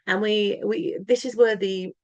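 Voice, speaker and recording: A woman's voice: medium pitch, fairly even intonation, a little slow, no room sound, highs cut off. A woman talking in an earnest, emphatic monologue to camera, rambling and often restarting her words. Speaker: channel host.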